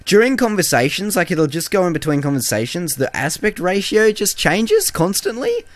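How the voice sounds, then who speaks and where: A young man co-hosting a podcast, chatting casually about bad films, swearing freely, filling pauses with ums and mocking quotes in silly voices. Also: high-pitched, very animated, no room sound. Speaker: podcast co-host. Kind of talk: casual film review chat.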